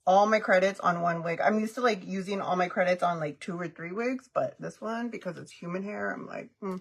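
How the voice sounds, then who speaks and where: Middle-aged lady doing her makeup live, chatty and giggly, bit of gravel in her voice, tosses in spanish words. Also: lowish voice, a little fast. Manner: chatty, giggly, greets viewers by name; mixes Spanish phrases into English. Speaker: livestreaming makeup vlogger. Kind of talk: casual live-stream chat.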